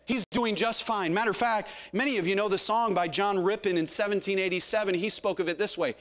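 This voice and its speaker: A man with a Southern US accent preaching a sermon as pastor, asking the congregation questions and calling on members by name, rising to loud calls and dropping low. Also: expressive, a little fast, hardly any pauses. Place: church sanctuary.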